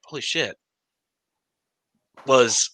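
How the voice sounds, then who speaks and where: A man's voice: medium pitch, extremely slow, a bit bright, dry recording, low-quality recording. A man guesting on a casual podcast chat, laid-back and laughing easily.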